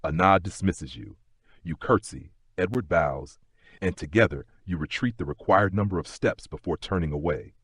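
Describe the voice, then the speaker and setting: A man narrating a bedtime sleep story in a gentle, unhurried way. His voice is deep and husky, with lively expression, and it sounds close and dry with no room echo.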